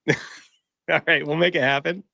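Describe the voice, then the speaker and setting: A man co-hosting a casual chat, easygoing and quick to laugh along. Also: a little high, steady tone, creaky, sharp tone, dry recording, clean studio sound.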